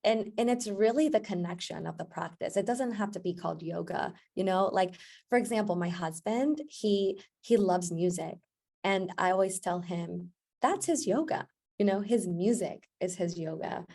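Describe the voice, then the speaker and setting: A woman yoga instructor telling a personal story as a podcast guest, chatty and animated, often acting out what others said. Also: mid-range voice, moderate pace, gravelly. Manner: animated storyteller, acts out quoted voices, laughs often. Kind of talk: casual storytelling interview. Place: podcast recording.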